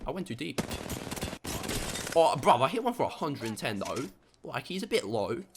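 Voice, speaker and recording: A man's voice: sits high, noisy background, voice pushed up. A young man putting on a playful mock British-style accent while calling out plays during a live match. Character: cocky young male British-style gamer. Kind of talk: live gameplay chatter.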